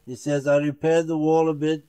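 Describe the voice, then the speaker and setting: A man's voice: on the high side, little pitch movement, normal speed, warm tone, clean tone, dry recording. A man preaching as a sheikh, telling a religious story in sermon style and stopping often to say who is speaking. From Turkey. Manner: retells a tale with many "he says" tags. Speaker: sheikh preaching to his circle.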